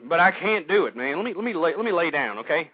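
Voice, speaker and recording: A male talk radio host ranting through a monologue, swinging between shouting and weary sighs. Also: a little high, lively intonation, fairly quick, dry recording. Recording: dry tinny phone-line audio.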